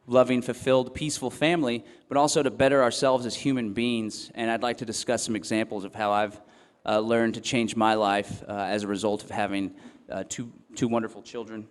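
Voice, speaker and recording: A young man giving a talk to a festival audience, earnest and reflective, pausing often with ums and restarting his phrases. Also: mid-range voice, clean tone. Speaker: festival speaker. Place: event hall or tent. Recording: long hall reverb.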